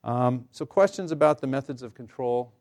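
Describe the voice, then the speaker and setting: A man's voice: medium pitch, moderate pace, a little mellow. A man counselor giving an informal workshop talk to a live audience, conversational with fillers and light humor. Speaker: counselor leading a staff workshop.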